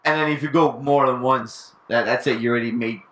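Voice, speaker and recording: A man hosting a casual podcast, leading the topic in a relaxed way and swearing now and then. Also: medium pitch, brisk, echoey room. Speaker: podcast host. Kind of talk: casual chat.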